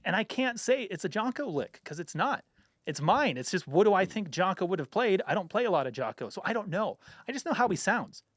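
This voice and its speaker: A man, a bass player and teacher, chatting casually on a podcast and explaining with examples and frequent asides to the listener. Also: sing-song, fairly quick, no room sound, studio quality. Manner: explains with examples, many "you know what I mean" asides.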